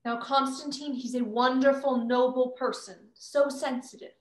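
A woman's voice: high voice, fairly even intonation, normal speed, natural voice. A young actress playing a proud, theatrical stage-star mother whose grand scolding turns tender, performed over a video call. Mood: haughty. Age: young adult. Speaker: student actor.

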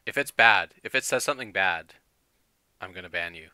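Throat-clearing streamer man, sharp bright voice. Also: low voice, normal speed, dry recording. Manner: keeps clearing his throat; chatty, thinks aloud with fillers and laughs. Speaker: game streamer. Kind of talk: casual live-stream chat with viewers.

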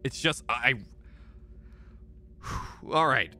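A young man streaming a game and talking to his viewers, exasperated and swearing often, swinging from loud outbursts to low mutters. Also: drawn-out words. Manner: exasperated, swears a lot, repeats himself when frustrated. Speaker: gaming streamer. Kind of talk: live gameplay commentary.

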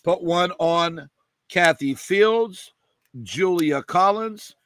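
A man running a live auction, calling prices in a rapid chant with repeated numbers and coughing now and then. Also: high-pitched, lively intonation, fairly bright tone. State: coughing, choked up. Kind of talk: live online auction selling.

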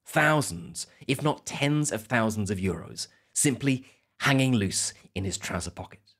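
A man hosting an educational podcast, telling a story in a clear, measured way for learners. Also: medium pitch, lively intonation, a bit bright. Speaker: podcast host. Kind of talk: scripted educational narration.

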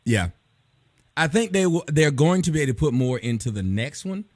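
Host, middle-aged man, raised, lively, blunt, swears freely, dry close mic. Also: on the high side, brisk, no room sound. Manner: blunt, profane, animated ranting. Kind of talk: casual live-stream chat.

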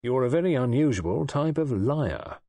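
A man's voice: medium pitch, expressive, moderate pace, warm tone, no echo, pitched above the performer's own voice. A man playing a blunt fatherly police chief. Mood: earnest. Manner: plain-spoken, firm, fatherly. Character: blunt middle-aged police superintendent father. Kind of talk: audiobook dialogue.

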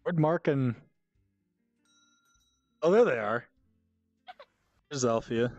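A VR chat player in casual group banter, loud and mock-outraged, laughing and swearing between lines. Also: medium pitch, animated, slow pace, no echo, lo-fi sound, faint music behind.

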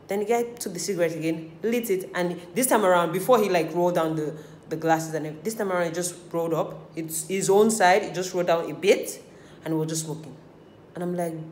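A woman's voice: fairly low pitch, fairly even intonation, fairly quick, darkish tone. A woman telling stories in casual chat while doing her makeup, candid and full of swearing and acted-out quotes. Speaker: beauty vlogger. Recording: echoey room, faint hiss.

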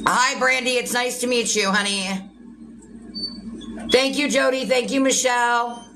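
A woman's voice: on the high side, fairly even intonation, measured pace, over music. A woman chatting casually on a livestream, answering viewer comments and turning snappy at rude ones.

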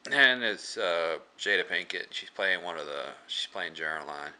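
Deep-voiced man, sharp and tense. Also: normal speed. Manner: rambling, many filler words and restarts; frequent throat clearing. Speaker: movie reviewer. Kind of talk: casual plot retelling.

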